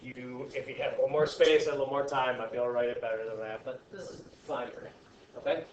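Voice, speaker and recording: A man teaching a science class, talking in a chatty, joking way with animated asides to his students. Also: mid-range voice, quick pace, highs cut off, a little hiss or hum. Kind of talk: classroom lesson. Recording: echoey classroom from far off.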